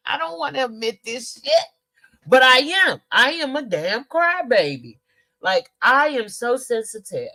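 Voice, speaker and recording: A middle-aged woman hosts a podcast in a casual livestream, reading viewer comments in a slightly high, bright, forceful voice that is very animated yet a little slow. She's candid and emotional, swearing freely and sounding teary.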